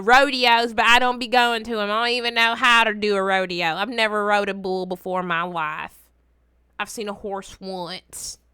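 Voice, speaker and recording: A young woman, chatting casually as she reacts to a video and her chat, teasing and swinging between loud outbursts and low mutters. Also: clean tone, no echo, clean studio sound.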